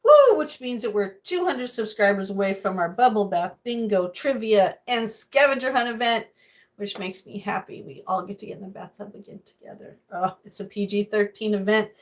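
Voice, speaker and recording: A woman's voice: medium pitch, lively intonation, moderate pace. Woman, middle-aged, chatty cooking livestreamer, greets chat by name, rambling asides, home kitchen.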